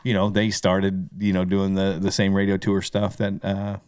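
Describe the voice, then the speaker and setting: A man's voice: low voice, completely flat delivery, moderate pace, darkish tone, clear, resonant tone, no echo, studio quality. A man co-hosting a podcast, a musician talking in a rambling, easygoing way. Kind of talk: casual chat.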